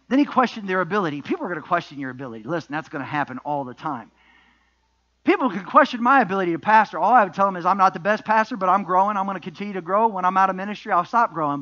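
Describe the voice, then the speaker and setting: A man's voice: high-pitched, a bit bright, highs cut off. A middle-aged man preaching a sermon as pastor, emphatic, with repeated refrains and rhetorical questions.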